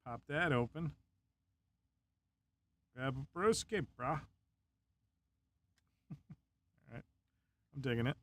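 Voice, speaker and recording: A young man with a voice on the high side chats in a laid-back way on a casual live stream, chuckling often and muttering to himself while building a model.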